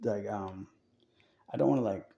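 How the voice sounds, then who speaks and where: A man rambling through a casual monologue, swearing freely and filling it with "like" and "you know." His voice is gravelly and very dark and mellow. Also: on the low side, moderate pace, muffled recording. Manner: rambling, profane, heavy on fillers.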